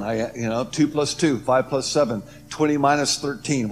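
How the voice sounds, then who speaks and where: A man telling a personal testimony story, swinging between loud emphatic lines and hushed, low ones. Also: brisk, few pauses, a little hiss or hum. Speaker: testimony speaker.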